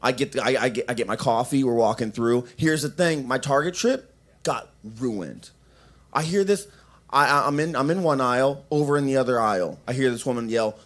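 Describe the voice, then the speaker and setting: A man's voice: mid-range voice, expressive, moderate pace, a bit bright. A young man doing open mic stand-up in a coffee shop, rambling with lots of restarts and fillers. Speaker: stand-up comedian.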